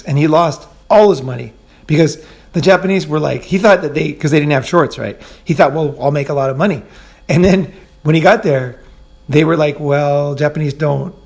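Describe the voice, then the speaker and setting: Gravelly, rambling male storyteller. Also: fairly high pitch, a little mellow. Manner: rambling, loose, with many fillers and asides; swears casually and laughs at his own stories. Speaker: podcast host. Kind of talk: casual storytelling monologue.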